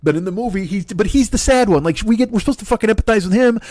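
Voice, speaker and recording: Fast profane rambling comedian, man. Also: high voice, no room sound, studio quality. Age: 40s. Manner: profane, animated, rambling with restarts. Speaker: comedian podcast host. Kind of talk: rambling comic monologue.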